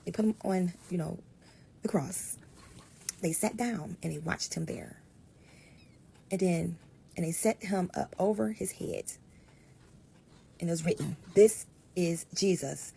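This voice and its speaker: A low-pitched woman with a gravelly, husky voice tells a scripture story in casual, conversational talk. She is animated and explains things aloud as she goes. At times her voice sinks to a near whisper. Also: a little slow, pauses often. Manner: animated, conversational, often drops to a hushed whisper. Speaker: Bible storyteller.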